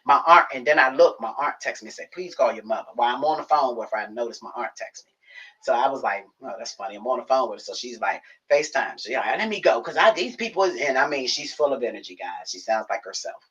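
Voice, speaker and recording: Woman host, casual animated storyteller, bright tone, muffled lo-fi stream sound. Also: very deep voice, fast talker, slightly rough. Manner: animated, acts out conversations, talks to herself. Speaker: livestream host. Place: home office.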